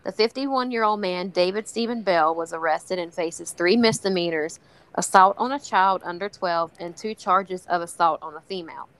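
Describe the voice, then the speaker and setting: A woman's voice: fairly low pitch, moderate pace, low-quality recording. Heated woman ranting and reading the news. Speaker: co-host. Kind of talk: casual chat, reading a news article aloud.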